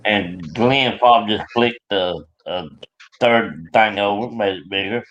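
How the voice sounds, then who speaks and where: A man's voice: fairly low pitch, unhurried, a bit bright, lo-fi sound. A man from North Carolina with a Southern accent, co-hosting a casual live-stream chat and joking around. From Jonesville, North Carolina. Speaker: co-host.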